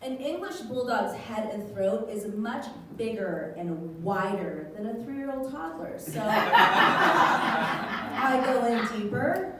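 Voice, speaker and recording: A middle-aged woman performing a stand-up comedy set, telling a story with animated energy and jumping into high voices to quote her kids. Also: background noise. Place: live comedy venue. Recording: echoey hall from far off with loud ambience.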